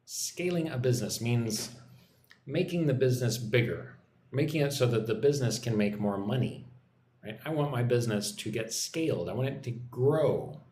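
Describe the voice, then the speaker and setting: A man teaching English on a live stream, his pitch rising and falling a lot as he explains each sentence. He repeats key words and keeps checking in with "right?". The room gives his voice a clear echo. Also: lively intonation, moderate pace, a little mellow, slight background noise. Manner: patient, repeats and explains, often asks "right?".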